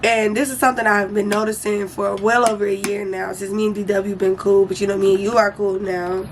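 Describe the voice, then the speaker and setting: A young woman casually telling a storytime vlog in an animated, slangy and profane way. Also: medium pitch, brisk, slight background noise.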